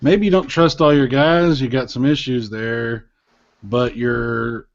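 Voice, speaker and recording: A man's voice: medium pitch, fairly even intonation, slow pace. Rambling man on a muffled podcast. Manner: rambling, thinking aloud with many fillers. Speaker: podcast guest. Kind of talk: casual chat. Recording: slightly muffled podcast audio.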